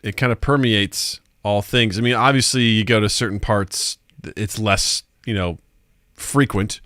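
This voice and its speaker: A man's voice: lowish voice, fairly even intonation, a little slow, a bit bright, dry recording, clean studio sound. A man from Missouri, hosting a podcast in loose, rambling, jokey chat full of filler words. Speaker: podcast host.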